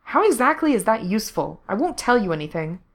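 A woman's voice: a little high, big pitch swings, quick pace, voice pushed up. A woman reading a story aloud, voicing a defiant, angry young man who snaps his words. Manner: sharp, snapping delivery. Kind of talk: fan fiction reading.

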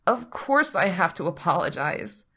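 A woman's voice: lowish voice, expressive, brisk, fairly bright tone. A woman voicing an anxious young man who protests and blames himself. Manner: protesting, miserable.

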